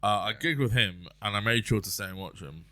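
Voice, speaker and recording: A man's voice: lowish voice, brisk, bright, forceful tone. A man hosting a podcast, telling rambling comic stories and laughing through his own jokes. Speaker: podcast host and comedian. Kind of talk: casual podcast chat.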